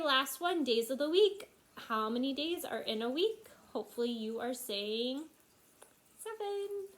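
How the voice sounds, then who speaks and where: Woman teacher reading a storybook to children, expressive. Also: fairly high pitch. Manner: expressive, questioning, speaks straight to the children. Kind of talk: reading a picture book aloud to young children.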